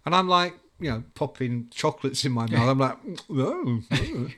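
A man in a casual chat, telling animated stories and acting out other people's voices. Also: mid-range voice, brisk. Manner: animated storyteller who acts out quoted voices. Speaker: guest recalling music journalism days.

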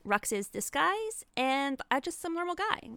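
A woman with a high, bright, smooth voice laying out a plan for her group in a tabletop role-playing game. Her talk is cheerful and organizing, and the recording sounds dry and close. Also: very animated, a little slow, no room sound. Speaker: player.

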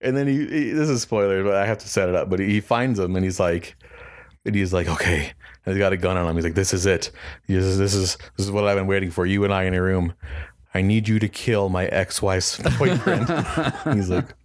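A man's voice: sits low, brisk. A man in casual chat, telling a story with acted-out quotes and frequent laughter. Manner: animated storyteller, acts out quotes, laughs often. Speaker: podcast co-host.

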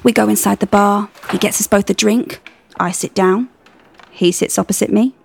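A woman's voice: mid-range voice, steady tone, moderate pace, gravelly. A young woman performing a wry, self-mocking first-person monologue. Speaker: narrator and actress. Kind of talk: dramatic monologue reading.

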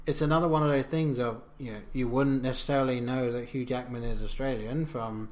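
A man's voice: medium pitch, fairly even intonation, a little fast. A man, co-hosting a podcast and chatting casually about a film, rambling and correcting himself as he goes. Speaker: podcast co-host. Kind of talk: casual film review chat.

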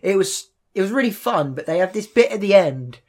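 A man's voice: high-pitched, brisk. A young man in his twenties, a podcast host, telling a story in casual chat, swearing often and tripping over his words. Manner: animated storytelling, swears a lot, stumbles and repeats.

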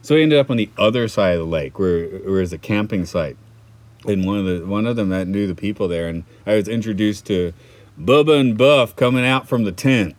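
A man from Atlanta chats casually as a podcast co-host, in a fairly low voice. He rambles through his stories and keeps stopping to correct himself. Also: a little fast. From Atlanta, United States. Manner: rambling, self-correcting storyteller. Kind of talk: casual chat.

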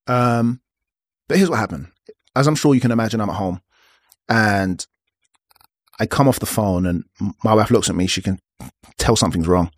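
A man's voice: on the low side, moderate pace, pauses often, no room sound, clean studio sound. A man in his thirties hosting a personal podcast, talking candidly and acting out the conversations he recounts. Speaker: podcast host.

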